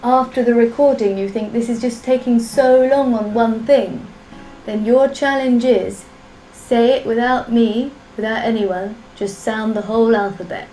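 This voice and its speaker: A woman's voice: fairly high pitch, fairly even intonation, measured pace, hardly any pauses, warm tone. A woman teaching a live-streamed class, patiently chanting syllables in a sing-song and joking with her students. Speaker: language teacher. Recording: echoey room with music behind.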